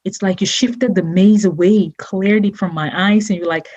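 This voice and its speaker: A woman's voice: medium pitch, animated, fairly quick, hardly any pauses, slightly rough, dull audio. A woman guest in an interview, speaking effusively and emotionally, often laughing and repeating her images. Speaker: guest, entrepreneur.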